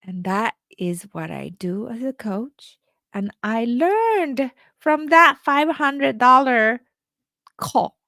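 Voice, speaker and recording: Slow-talking woman life coach. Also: a little high, expressive, sharp tone, no room sound, studio quality. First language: Japanese. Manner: halting, many restarts and fillers. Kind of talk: casual storytelling monologue.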